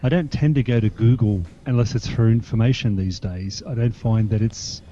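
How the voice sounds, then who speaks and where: A man's voice: medium pitch, moderate pace, dark tone, soft background music. An older Australian man with a nasal voice, chatting casually as a guest on a panel show and often repeating words as he starts a thought. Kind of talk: casual chat. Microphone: remote call. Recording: dull lo-fi sound.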